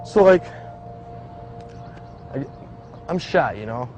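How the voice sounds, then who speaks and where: Young man, middle pitch, casual halting first-person account, music bed. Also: animated, a little mellow, dull audio. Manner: casual, halting, heavy use of "like". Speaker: survivor telling his story. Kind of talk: documentary-style personal account. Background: background music.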